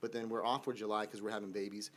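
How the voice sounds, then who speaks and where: A man's voice: on the low side, level tone, fast, slight background noise. A man from the band answering interview questions in a radio studio, rambling and restarting as he talks. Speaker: band member. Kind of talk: casual interview talk.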